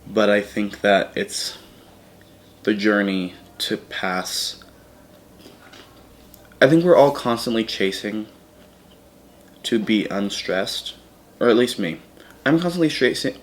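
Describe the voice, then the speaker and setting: In a low voice, a vlogger talks reflectively to his camera, earnest and rambling, catching and fixing his own words along the way. A little hiss or hum runs through the recording.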